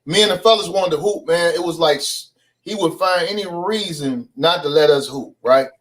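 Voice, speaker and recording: A man with a high, light voice tells a story as a podcast guest. He talks in loose slang and keeps the telling animated. He comes across as a comedian spinning a yarn. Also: moderate pace.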